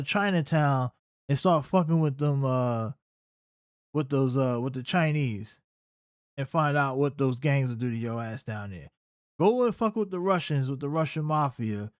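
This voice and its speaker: A man's voice: on the high side, dry recording, studio quality. Man ranting in heated commentary. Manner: heated, incredulous, profane ranting. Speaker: commentary show host. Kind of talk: unscripted reaction commentary.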